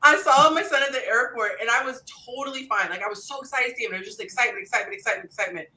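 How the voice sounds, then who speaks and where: A woman's voice: on the high side, rapid-fire, pushed and bright, roomy sound, recorded from a distance, low-quality recording. A middle-aged woman hosting a casual panel chat, laughing often and acting out her own reactions. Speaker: host.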